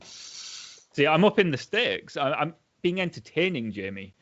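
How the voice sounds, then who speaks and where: A man's voice: fairly high pitch, sing-song, unhurried, fairly bright tone, muffled recording. Jokey man guest. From Hull, England. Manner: jokey, self-deprecating. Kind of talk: casual interview chat.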